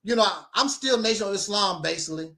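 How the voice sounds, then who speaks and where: A man's voice: sits high, fast, creaky, pushed and bright. A man telling a personal story in casual conversation, rambling and repeating his phrases. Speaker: guest sharing his story.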